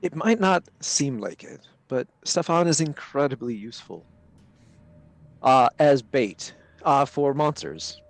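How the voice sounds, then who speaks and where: A man's voice: mid-range voice, lively intonation, a little slow, no echo. A man playing in a tabletop game who talks in character in a hesitant way, full of fillers. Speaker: player. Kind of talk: casual in-character game talk.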